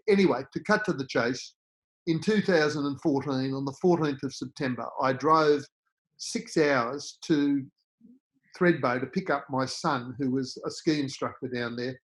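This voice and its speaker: This is a middle-aged man with an Australian accent, telling stories as a guest on a podcast. His voice sits a little higher than most men's. He talks like a born raconteur, throwing himself into every voice he quotes. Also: poor audio. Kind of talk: storytelling interview.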